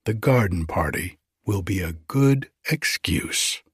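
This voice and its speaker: A man reading aloud, voicing a calm, indulgent upper-class mother in a story. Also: deep voice, slow pace, breathy edge, no echo, studio quality, heavily acted. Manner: calm, gently amused.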